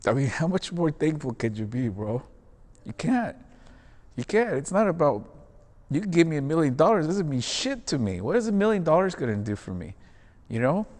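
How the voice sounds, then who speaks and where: A man's voice: on the high side, sing-song, moderate pace, darkish tone, in a large hall. A man who performs in theater, talking in a casual, earnest and reflective way during an interview, often calling the listener "man".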